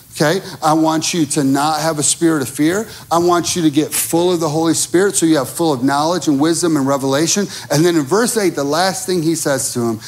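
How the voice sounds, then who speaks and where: A pastor delivers a sermon through animated storytelling, acting out dialogue and building from hushed moments to rising intensity. His voice is a little high, with music in the background.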